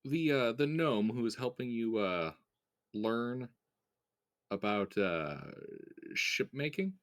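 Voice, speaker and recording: A man narrating as game master of a tabletop game, relaxed and full of fillers and restarts. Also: medium pitch, slow.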